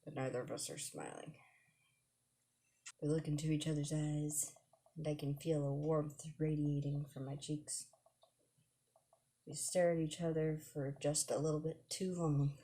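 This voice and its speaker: A woman's voice: deep voice, fairly even intonation, unhurried, pauses often, dark tone, husky. A woman streamer reading a visual novel aloud, laughing in between and adding dry asides. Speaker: gaming streamer.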